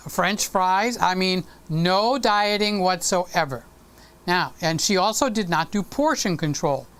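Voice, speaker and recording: A woman hosting a casual live stream from home, chatting straight to her viewers in a teasing, talkative way. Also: lowish voice.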